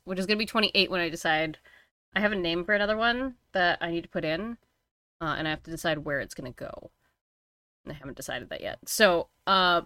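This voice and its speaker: A woman's voice: fairly low pitch, sharp tone, dry recording. A woman co-hosting a casual podcast, chatty and blunt, laughing easily and swearing. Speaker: co-host and streamer.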